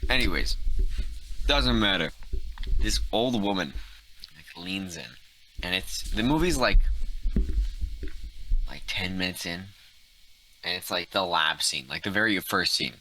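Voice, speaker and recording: A young man co-hosting a loose, casual podcast. His voice sits a bit low yet sounds bright and forceful, with a faint hum of room ambience behind it. He rambles through profane stories full of fillers and restarts. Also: expressive, a little slow, long pauses, low-quality recording. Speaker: podcast co-host. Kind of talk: casual chat.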